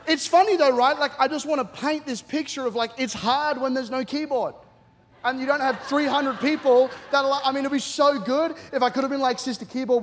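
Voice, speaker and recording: A man's voice: very high voice, a little hiss or hum. A middle-aged Australian man preaching a humorous sermon as a guest pastor, telling stories and acting out the voices in them with lots of energy. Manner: animated, jokey, acts out voices in his stories. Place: church auditorium with a live congregation. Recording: long reverb of a large church hall.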